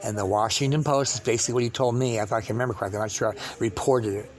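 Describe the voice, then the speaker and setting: A man telling a long, rambling story to camera, halting and restarting his sentences again and again. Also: medium pitch, fairly even intonation.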